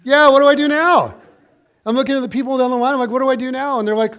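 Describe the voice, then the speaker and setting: A pastor preaching a sermon, telling a personal story in an animated, conversational way and speaking directly to his congregation. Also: very high voice, quick pace.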